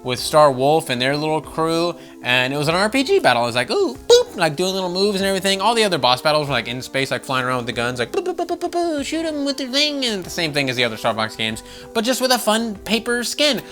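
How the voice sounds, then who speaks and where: A man's voice: a little high, quick pace, faint music behind. An American man hosting a gaming channel, ranting casually with swearing and mocking voices. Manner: animated, swears, mock voices, laughs often. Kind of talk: casual opinion rant.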